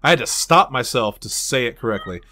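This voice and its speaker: A male podcast co-host in casual, enthusiastic conversation about films. His voice is bright and forward. He stumbles over tricky names and laughs it off. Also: mid-range voice, lively intonation, brisk. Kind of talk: casual chat.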